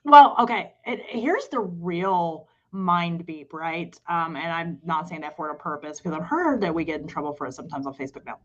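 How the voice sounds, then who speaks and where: A woman's voice: fairly low pitch, expressive, normal speed, few pauses. A middle-aged woman chatting casually as a podcast co-host, rambling and self-deprecating. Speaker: podcast co-host and cafe owner. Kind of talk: casual chat. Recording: slightly dull lo-fi sound.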